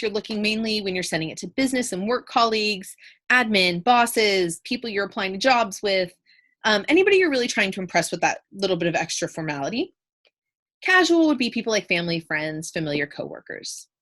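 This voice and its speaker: A young woman teacher explains a lesson in a relaxed, chatty way. Her voice sits in an ordinary middle range, and she fills pauses with frequent fillers. When she reads out example lines, her voice jumps up in a lively way. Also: mid-range voice. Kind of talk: casual video lesson.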